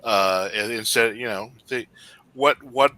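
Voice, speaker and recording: Forceful low-voiced man ranting. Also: a little slow, dry recording. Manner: rambling, restarts, animated critique. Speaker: podcast co-host. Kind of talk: casual chat.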